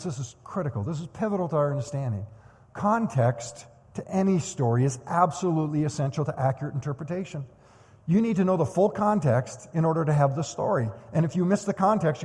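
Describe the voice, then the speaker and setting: Husky-voiced male preacher in a reverberant hall. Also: fairly high pitch. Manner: animated, acts out quoted voices. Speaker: pastor. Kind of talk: sermon.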